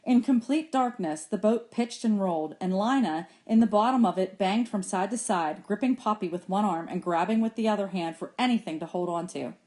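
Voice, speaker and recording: A woman teacher reading a novel chapter aloud to her students, expressive and lifting her voice for the characters' lines. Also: medium pitch, a little fast, few pauses.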